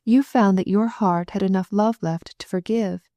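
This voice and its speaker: A woman reading the part of a young noblewoman who speaks quickly and tearfully in an audiobook. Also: mid-range voice, fairly even intonation, warm tone, no room sound, close to an everyday voice. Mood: confiding.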